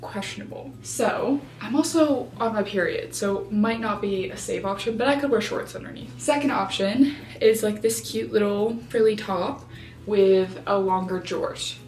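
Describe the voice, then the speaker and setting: A woman's voice: fairly high pitch, normal speed, darkish tone, soft background music. A young woman chatting casually to camera as she gets ready, giggly and rambling with lots of filler words. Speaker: vlogger. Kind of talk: casual get-ready-with-me chat.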